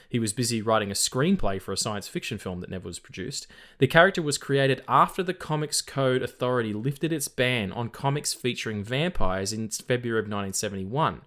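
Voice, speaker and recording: A man's voice: mid-range voice, a bit bright. A man hosting a casual film podcast, chatty and swearing freely as he reads out trivia. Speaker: podcast host.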